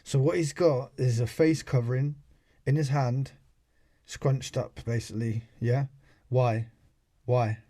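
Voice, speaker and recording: A man's voice: mid-range voice, fairly even intonation, unhurried, long pauses, dark tone. A British man casually commentating over a video clip he plays for viewers, talking in a sarcastic way full of rhetorical questions. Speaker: channel host.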